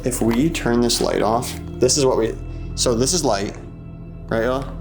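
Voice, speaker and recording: A man's voice: medium pitch, measured pace, over music. Young man hunting ghosts in an echoey room. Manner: talks directly to viewers and to spirits, jumpy and excitable. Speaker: paranormal investigator and host. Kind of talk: casual vlog narration during a ghost hunt. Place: dark basement of an old club.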